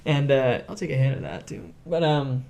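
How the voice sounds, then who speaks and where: A young man hosting a podcast, telling stories in a casual, animated way, acting out quotes and laughing often. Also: medium pitch, moderate pace, gravelly, a little hiss or hum. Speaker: podcast host. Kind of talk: casual storytelling chat.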